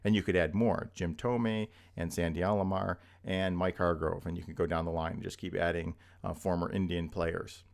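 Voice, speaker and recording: A man with a low, gravelly voice teaches an introductory logic lesson. He explains step by step, repeating examples and often pausing to ask "right?" His delivery is that of a recorded lecture. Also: steady tone. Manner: explanatory, repeats points with frequent "right?" checks. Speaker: logic instructor.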